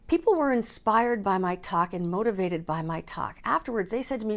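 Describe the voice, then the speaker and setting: A woman from Canada speaks to camera in a personal vlog. She talks candidly and with feeling, swearing casually now and then. Her voice sits at an ordinary middle pitch. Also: animated, a little fast, few pauses. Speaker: speaker and coach.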